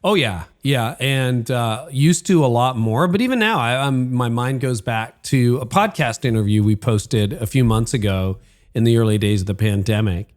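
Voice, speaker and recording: A middle-aged man hosts a conversational podcast, quick to agree and full of enthusiasm for his guest. He tells anecdotes and plays out his own inner thoughts along the way. His voice sits at a typical male pitch. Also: animated. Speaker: podcast host. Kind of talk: conversational interview.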